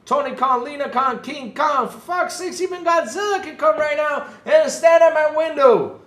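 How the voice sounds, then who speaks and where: Male podcast host, high, animated and profane on a casual livestream, roomy echo. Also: moderate pace. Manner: animated, swears freely, acts out quotes.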